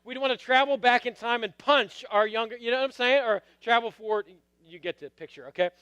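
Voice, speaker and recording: Brief: middle-aged male pastor, high voice, smooth and clear, dry close sound, storytelling sermon delivery. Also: brisk, pushed and bright, no echo, muffled recording. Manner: storytelling with acted quotes, calls out to the congregation.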